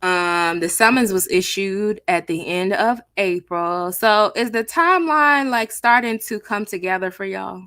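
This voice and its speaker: A woman hosting a live stream, chatting with her viewers in a sassy, casual way with a soft, near-whispered delivery on a close mic. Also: mid-range voice, measured pace, hardly any pauses, no echo. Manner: chatty, sassy, talks to chat as "child" and "honey". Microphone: new close studio mic.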